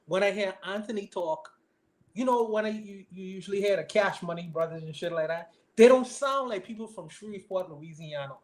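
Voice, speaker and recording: A man's voice: high voice, brisk. A man from the Caribbean with a Bahamian accent, musing casually in an online group discussion and repeating his words as he starts. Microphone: online call.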